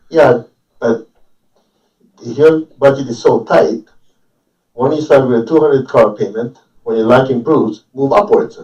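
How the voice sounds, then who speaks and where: A man's voice: medium pitch, normal speed, a little mellow, dull audio. Man teaching in a roomy, distant recording. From Chinese family. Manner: joking, asks the audience questions. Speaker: spiritual teacher. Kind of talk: informal sermon to a group. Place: room with a live audience.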